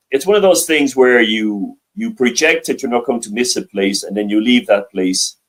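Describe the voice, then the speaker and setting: A man's voice: on the low side, low-quality recording. An older man from Ireland with a mild Dublin accent, chatting as an interview guest, hesitant, with many restarts and fillers. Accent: Dublin Irish, mild. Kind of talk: casual interview chat. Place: library.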